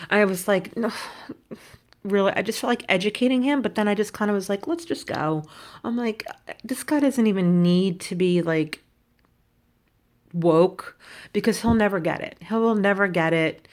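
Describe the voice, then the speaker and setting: A woman vlogging about luxury shopping, telling a story in an animated, indignant way. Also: fairly low pitch. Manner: animated, indignant, quotes people in put-on voices. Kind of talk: casual storytelling rant.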